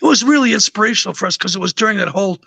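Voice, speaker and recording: Older musician guy rambling through a story, high gravelly voice, lots of uhs. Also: expressive, racing, bright, forceful tone, no room sound. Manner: rambling anecdotes with many fillers. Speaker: guest musician. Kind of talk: casual interview storytelling.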